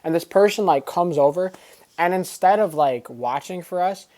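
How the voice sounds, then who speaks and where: A man's voice: high-pitched, expressive, moderate pace, a little mellow. A man talking casually to camera in a vlog, rambling with lots of fillers and slang. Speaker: vlogger.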